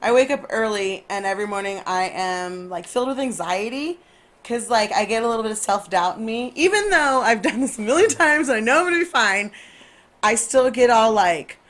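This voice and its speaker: A woman on a podcast as a guest cook, telling stories in a lively, casual way and laughing often. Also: on the high side, a little fast. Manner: animated storyteller who laughs often.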